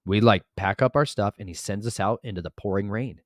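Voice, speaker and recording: A man telling a story fast in a casual vlog, acting out what people said and getting preachy about scripture. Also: on the low side, no room sound, clean studio sound. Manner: fast, animated storytelling with quoted dialogue. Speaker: vlogger and author.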